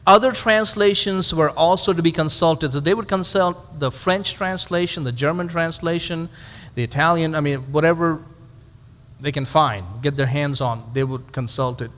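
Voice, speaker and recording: A man's voice: fairly high pitch, moderate pace, a bit bright, big-room sound. A male pastor teaching a Bible study to a live audience in a conversational way, asking rhetorical questions and adding dry humorous asides.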